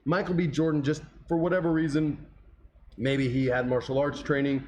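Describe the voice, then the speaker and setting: Fairly high-pitched but darkish in tone, this podcast co-host speaks at normal speed in a steady way, rambling loosely and swearing here and there in casual chat. The highs are cut off, and there's a bit of hiss or hum.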